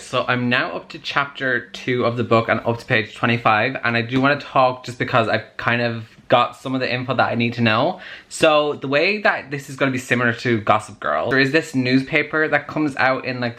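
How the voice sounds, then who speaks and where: A young man chatting excitedly in a casual book vlog, with plenty of "like" fillers. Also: medium pitch, fairly quick. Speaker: book vlogger. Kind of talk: casual chat.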